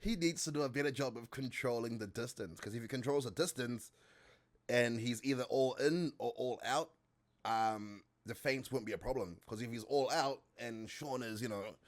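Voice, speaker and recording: A man's voice: medium pitch, moderate pace. A man hosting a casual fight-sports podcast, teasing and swearing freely. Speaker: podcast host.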